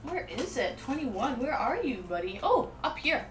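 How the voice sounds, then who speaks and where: A woman's voice: high-pitched, very animated, moderate pace, soft background music. A woman streaming live, chatting casually and talking straight to her viewers. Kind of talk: casual livestream chat.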